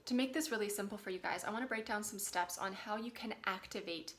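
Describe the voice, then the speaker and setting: A young adult woman talking casually to camera as a spiritual development vlogger, gentle, earnest and encouraging. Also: mid-range voice, fast talker. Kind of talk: casual direct-to-camera talk.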